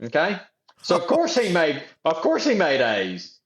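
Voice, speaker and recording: A man's voice: on the high side, wildly swooping pitch, unhurried, roomy sound. A man in his forties with a South Georgia Southern accent, telling folksy stories as a podcast guest in casual chat. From South Georgia, USA. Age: 40s. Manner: folksy storytelling, drawling slang.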